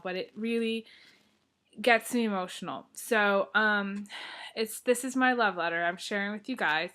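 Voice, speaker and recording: A woman's voice: medium pitch, fairly bright tone. A woman tarot reader talking casually and earnestly to her viewers, reading a heartfelt letter aloud. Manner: earnest, heartfelt, chatty with many fillers.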